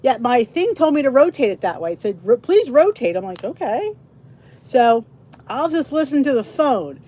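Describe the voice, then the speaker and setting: Woman, middle-aged, livestream host, rambling chat, sounds tired, fairly high voice. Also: very animated, moderate pace, warm tone. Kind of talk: casual chat to a live audience.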